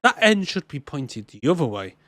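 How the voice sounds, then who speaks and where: A man's voice: a little high, very animated, moderate pace, a bit bright, dry recording. A man co-hosting a film podcast, casual and joking, acting out scenes in silly voices. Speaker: podcast co-host. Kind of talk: casual film review chat. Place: home office.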